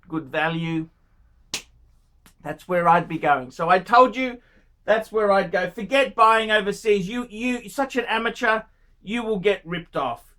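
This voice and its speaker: High, bright-voiced profane man. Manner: profane, scolding, ranting; frequent throat clearing and coughs. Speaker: watch reviewer answering viewer questions. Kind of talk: blunt advice monologue.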